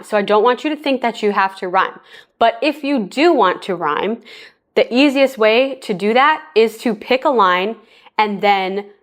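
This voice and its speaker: A woman teaching a songwriting lesson, explaining plainly step by step and speaking straight to the viewer. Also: mid-range voice. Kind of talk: casual spoken lesson.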